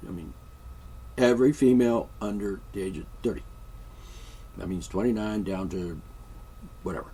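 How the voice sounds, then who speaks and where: A man with a somewhat low voice rambles through a comic monologue, posing as a king issuing decrees. His talk meanders with jokes and asides. A faint background hum sits under the recording. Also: normal speed, warm tone, far from the mic. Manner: mock-royal, joking and meandering. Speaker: vlogger.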